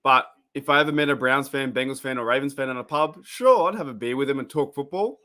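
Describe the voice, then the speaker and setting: Excitable Australian man chatting. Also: medium pitch, quick pace. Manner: rambling, excitable, reacts to game play. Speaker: sports stream host. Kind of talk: casual live reaction chat.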